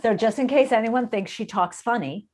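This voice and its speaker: A woman's voice: a little high, normal speed, a little mellow. A woman from the United States hosting a casual interview chat, chatty and self-deprecating, laughing often. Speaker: podcast host.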